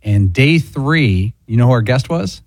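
A man co-hosting a sports radio show, calmly recalling its history in a matter-of-fact way. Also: mid-range voice, measured pace, no room sound, studio quality. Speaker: show co-host. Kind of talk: casual sports talk radio.

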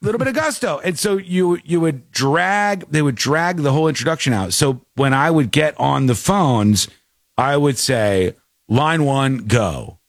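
Lively male talk radio host, dry close mic, casual banter with impressions. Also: on the high side, moderate pace, gravelly, no echo. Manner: animated, mimics voices while telling stories.

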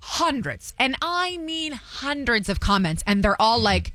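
A woman hosting a chatty interview, animated and quick to act out other people's lines. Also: fairly high pitch, no room sound. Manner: animated, quotes people in quick put-on voices. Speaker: host.

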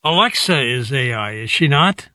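A man's voice: medium pitch, lively intonation, moderate pace, bright, forceful tone, no room sound, studio quality. A man hosting a radio call-in show, asking short, upbeat questions. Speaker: radio host.

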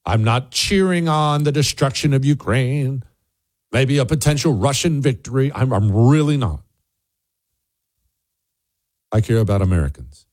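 A middle-aged man hosting a political opinion monologue, emphatic and animated and repeating points for effect. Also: medium pitch, unhurried, pauses often, no room sound. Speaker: political commentary host.

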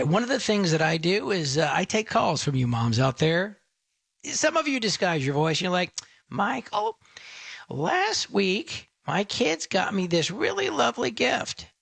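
A man's voice: a little high, a bit bright, no room sound. A middle-aged man hosting a talk radio show, chatting casually and rambling with restarts. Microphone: studio microphone.

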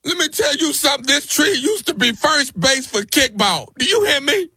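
A man playing an aggrieved grown man on a prank phone call, shouting and sobbing over his mother's tree. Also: very animated, normal speed, no room sound, studio quality, faint music behind, full character voice. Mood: tearful. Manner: shouting, whiny, high-strung. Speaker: radio prank caller.

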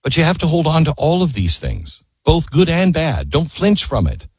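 A man's voice: on the high side, wildly swooping pitch, normal speed, husky, no room sound. A man telling history as a story, impassioned and emphatic, posing rhetorical questions to his listeners. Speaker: history commentator.

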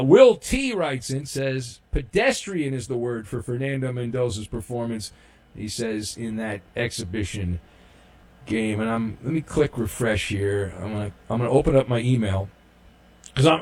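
A man's voice: medium pitch, darkish tone. A man hosting a sports talk show, reading listener messages in a rambling, casual way with many fillers and restarts, and a dry, sarcastic humor.

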